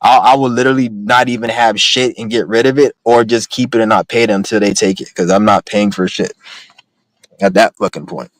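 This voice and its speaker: A man's voice: on the low side, fairly even intonation, a little fast, dry recording, rough recording. A young man in a casual, profane, rambling rant, speaking bluntly to his viewers. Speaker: vlogger.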